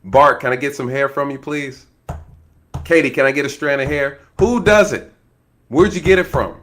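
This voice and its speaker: A man who is a former law enforcement officer gives casual true-crime commentary. He is animated, laughs often, keeps addressing his viewers and acts out possible scenarios. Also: medium pitch, moderate pace, a little hiss or hum.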